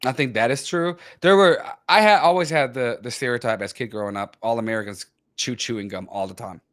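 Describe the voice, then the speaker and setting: A man from Germany with a German accent, hosting a casual chat and slowly spelling out how words are said. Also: medium pitch. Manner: explains pronunciations slowly, self-aware about a loud voice. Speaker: host.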